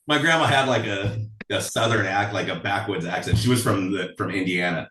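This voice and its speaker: A man's voice: on the low side, a little fast, reverberant, recorded from a distance, background noise. A man telling stories from his life in a casual interview, chatty and full of fillers, laughing often. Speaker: songwriter guest.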